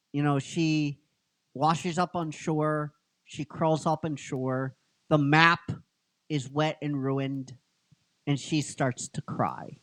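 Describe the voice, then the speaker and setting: The speaker is a podcast host recapping a story he wrote, rambling casually and peppering it with fillers and frequent "right?". He has a fairly high, slightly bright voice. There's no room sound in the recording.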